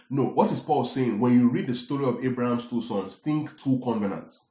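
A man preaching a sermon, often asking his congregation questions in an animated way. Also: medium pitch, brisk. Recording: echoey hall.

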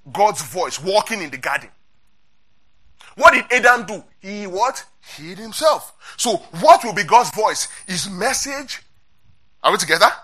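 A man's voice: high voice, pushed and bright, slightly rough. A man preaching an interactive Bible sermon, asking his congregation questions and repeating key points.

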